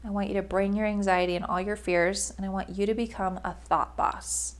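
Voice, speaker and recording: A woman's voice: mid-range voice, little pitch movement, brisk. A young adult woman, a life coach, giving a casual but emphatic motivational monologue with frequent "like" fillers.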